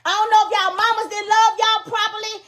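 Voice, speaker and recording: A woman's voice: very high-pitched, flat delivery, brisk, a bit bright. A middle-aged mother making an impassioned public plea, grieving and angry, speaking in emphatic, repetitive, scolding bursts. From Louisiana, US.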